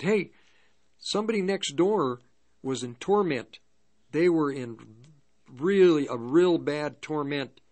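Male, slightly raised pitch, rambling halting testimony, drifts between first and third person. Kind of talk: spoken testimony storytelling.

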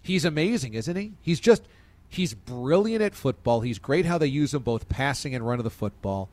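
Animated sports talk-show host man. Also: moderate pace. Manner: animated, enthusiastic, pitch swings.

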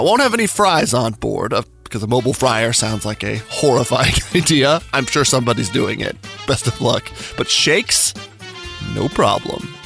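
A man's voice: medium pitch, vocal fry, fairly bright tone. A man hosting a morning radio show, talking in an emotional, rambling way with sighs. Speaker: radio host. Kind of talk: casual morning radio chat.

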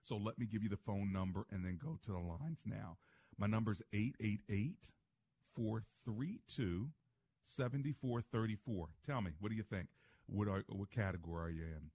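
Upbeat deep-voiced male radio host. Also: moderate pace, darkish tone, slightly rough. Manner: upbeat, playful, asks many questions. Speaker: radio talk show host and pastor. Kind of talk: call-in radio talk.

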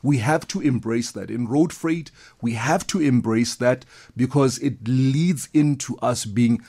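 A man's voice: mid-range voice, unhurried, dark tone. A man, a guest expert explaining things enthusiastically in a conversational interview. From South Africa.

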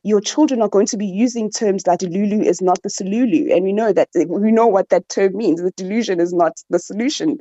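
A woman's voice: mid-range voice, a little fast, few pauses, dark tone, no room sound, muffled recording. A woman with a South African accent, a social and political commentator in a radio discussion, who often repeats words while she searches for her point.

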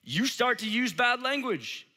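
Bright high-voiced man preaching casually. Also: sing-song, unhurried. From Saint Louis, Missouri. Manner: casual, chatty, heavy use of "like". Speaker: pastor. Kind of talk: sermon. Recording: long hall reverb.

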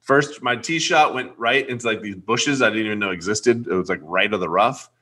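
A young adult man who hosts a podcast tells a story in casual chat, speaking a little fast. He's animated, acting out the quotes with big leaps up in pitch.

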